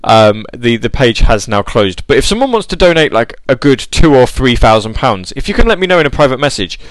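A man's voice: medium pitch, big pitch swings, brisk, no room sound. A man hosting a casual live show, rambling with many ums and stopping to correct himself. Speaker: show host.

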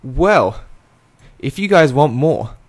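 A man's voice: mid-range voice, lively intonation, takes it slowly. A young man hosting an online radio show, chatting casually, laughing often and stumbling over his words as he reads out comments. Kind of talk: casual chat, reading out chat comments.

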